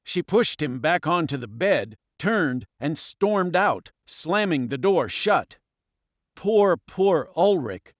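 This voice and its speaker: A man reading a children's storybook aloud with lively, expressive swings in pitch. His voice sits a little high and is recorded close and dry in a studio. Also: slow, few pauses, dry recording. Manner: expressive, dramatic. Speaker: audiobook narrator. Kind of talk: scripted storybook narration.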